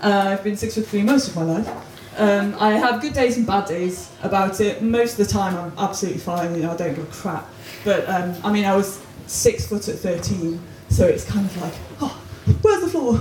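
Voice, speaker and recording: A woman's voice: medium pitch, fairly quick, hardly any pauses, slight background noise. Self-deprecating woman doing stand-up. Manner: self-deprecating, laughs at her own jokes. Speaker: stand-up comedian. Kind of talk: stand-up comedy set. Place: hotel pub comedy night. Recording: loud roomy pub recording from far off.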